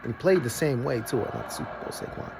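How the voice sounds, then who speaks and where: A young adult man, giving casual reaction commentary that swings from low grumbles to excited bursts. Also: a little fast, creaky, noisy background. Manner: animated, jumps between low grumbles and high excited bursts. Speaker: vlogger reacting to a broadcast.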